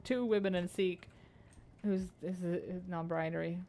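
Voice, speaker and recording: A woman's voice: on the low side, steady tone, normal speed, dark tone, a little hiss or hum. Playful, profane young woman streamer. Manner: playful, profane, laughs often. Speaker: streamer playing a narrative game. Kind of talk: casual live-stream chat and narrating game text.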